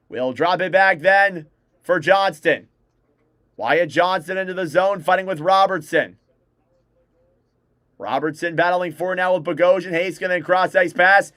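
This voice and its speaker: Young guy doing hockey play by play on a stream, highish voice, clean and dry sound. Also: fairly bright tone, no echo. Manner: rapid name-calling play-by-play, self-correcting. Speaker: fan livestream play-by-play host. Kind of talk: live hockey play-by-play commentary.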